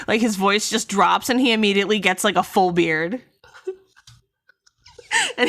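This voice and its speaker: A woman's voice: medium pitch, very animated, moderate pace, pauses often, a bit bright. A woman streamer chatting casually during a book critique. She rambles and interrupts herself, with frequent coughs.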